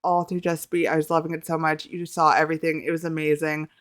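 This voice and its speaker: A young Canadian woman YouTuber tells a rambling, excitable story about meeting a group in a casual vlog. She talks close to the mic in a low voice at a quick pace, with no room sound.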